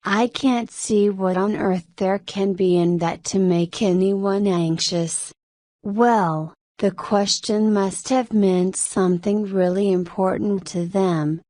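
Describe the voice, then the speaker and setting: Slow, mellow woman reading a story. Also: mid-range voice, steady tone, dry recording, clean studio sound. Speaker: narrator. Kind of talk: scripted story reading for English learners.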